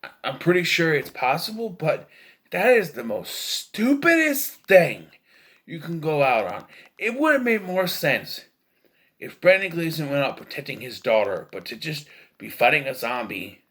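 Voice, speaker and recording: Male film reviewer, casual and opinionated, with a tense edge and pitch that jumps all over. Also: big pitch swings, moderate pace, fairly bright tone. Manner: rambling, opinionated, with frequent fillers and restarts. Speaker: movie reviewer.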